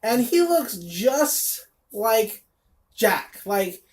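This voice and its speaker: A woman's voice: fairly high pitch, very animated, extremely slow, darkish tone. A woman reviewing a comic in casual chat, blunt and sarcastic, with lots of fillers and asides.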